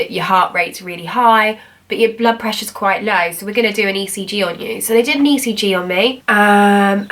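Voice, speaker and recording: A woman's voice: medium pitch, a bit bright, far from the mic. A woman, telling her own story in a rambling, chatty way, full of "like" and "I was like". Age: 20s. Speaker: vlogger. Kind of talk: casual personal storytelling.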